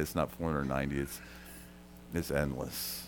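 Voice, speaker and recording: A man preaching a sermon, talking straight to the congregation, dropping to a quiet murmur and then rising loud for emphasis. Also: fairly even intonation, fast, a little hiss or hum. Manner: swings from soft and quiet to loud and high for emphasis; conversational, addresses listeners directly. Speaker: pastor.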